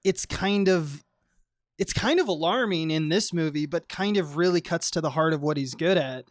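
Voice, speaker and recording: A man's voice: on the high side, moderate pace, no echo, studio quality. A man talking over a film on a casual podcast, in a thoughtful, hedging way with plenty of fillers. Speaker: podcast guest.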